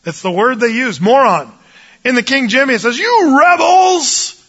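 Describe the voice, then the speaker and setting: A man with a high, bright voice walks through a Bible passage in a relaxed teaching tone. He jokes and leaps into the voices of the people in the story. The recording sounds muffled and lo-fi. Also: fairly quick. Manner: animated, jokey, acts out voices of biblical figures.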